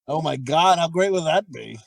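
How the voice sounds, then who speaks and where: A man with a fairly high voice chats excitedly as host of a casual podcast, rambling and swearing freely. The sound is dry and close, with no room echo. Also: moderate pace, creaky.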